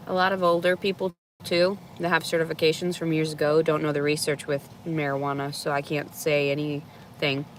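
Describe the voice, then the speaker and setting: This reality show subject sits in a park reacting to viewer messages, chatting candidly with frequent laughs and free swearing. Her low voice has little pitch movement and runs a little fast, with a bit of hiss or hum in the audio.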